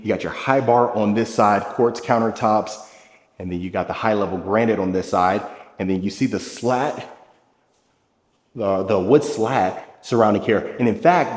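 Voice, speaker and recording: A man's voice: fairly low pitch, darkish tone, echoey room, long reverb tail. A man hosting a home tour, narrating room by room with upbeat, salesy enthusiasm.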